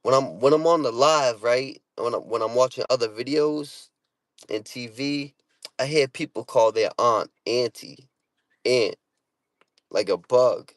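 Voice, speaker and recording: A man's voice: mid-range voice, normal speed, no echo. A middle-aged man, chatting casually with viewers on a livestream in streetwise, profane slang, often repeating himself. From Boston area. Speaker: livestream host.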